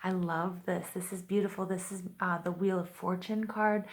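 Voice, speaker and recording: A woman's voice: fairly low pitch, fairly even intonation, normal speed. A woman giving a casual, reassuring tarot reading to her viewers, talking in a chatty way full of "you know" and "like". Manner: chatty, upbeat, many fillers like "you know" and "like"; reassuring, addresses viewers directly. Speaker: tarot reader.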